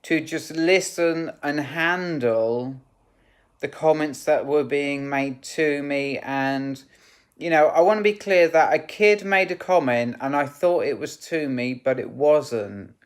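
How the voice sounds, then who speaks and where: Man vlogging a personal story, slow and rambling, halting with many restarts, candid and emotional. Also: on the high side, clean tone. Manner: rambling and halting, full of "you know" and restarts.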